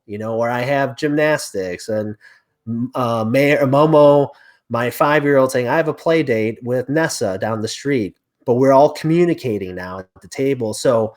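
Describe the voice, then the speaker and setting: Animated man telling a family story. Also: mid-range voice. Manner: animated storyteller acting out quoted dialogue. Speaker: real estate agent, podcast guest. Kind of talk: conversational storytelling interview.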